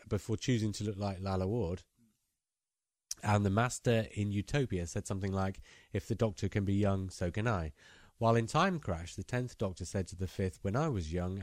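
Chatty man, low voice. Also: no echo, studio quality. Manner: chatty, reads out listener emails. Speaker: podcast host reading listener questions. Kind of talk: casual podcast chat.

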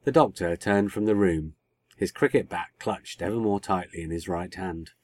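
A man reading a short story aloud as a podcast host, in a steady, measured way. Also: low-pitched, no room sound. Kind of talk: scripted narration.

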